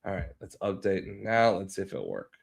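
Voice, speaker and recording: A man's voice: deep voice, sing-song, moderate pace, vocal fry, slight background noise. A man chatting casually on a live stream while he works, muttering to himself and swearing offhandedly, sounding a little stuffy from pollen. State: sounds a bit sick from pollen. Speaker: livestreaming video editor.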